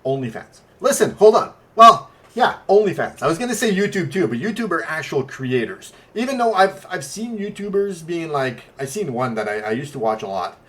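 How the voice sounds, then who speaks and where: A man's voice: fairly high pitch, sing-song, normal speed, few pauses, fairly bright tone. A native French-speaking man co-hosting a podcast, telling rambling stories in casual chat with blunt talk and swearing. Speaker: podcast co-host.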